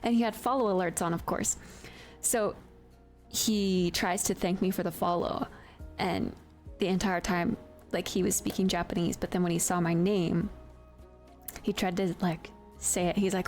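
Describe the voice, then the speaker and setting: Woman streamer, mid-pitched, chatty and giggly, casual talk over soft background music. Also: fairly even intonation, moderate pace. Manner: chatty and giggly, with many fillers. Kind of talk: casual chat while 3D modeling.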